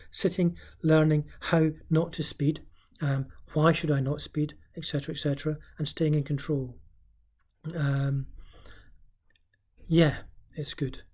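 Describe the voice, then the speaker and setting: Mellow-voiced man giving hesitant advice. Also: on the high side. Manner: hesitant, frequent "um" fillers; earnest, coaching tone. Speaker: parenting advice speaker. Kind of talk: informal advice talk.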